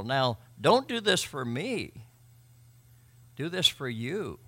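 Gravelly, bright-voiced preaching man. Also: medium pitch. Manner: emphatic, swings between loud and quiet, repeats words. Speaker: pastor. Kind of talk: sermon.

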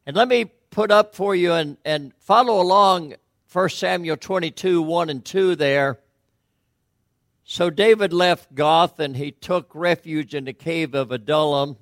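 Gravelly-voiced man preaching a sermon. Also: on the high side, unhurried, a bit bright, no room sound, studio quality. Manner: conversational preaching with frequent restarts and rhetorical questions. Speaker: pastor.

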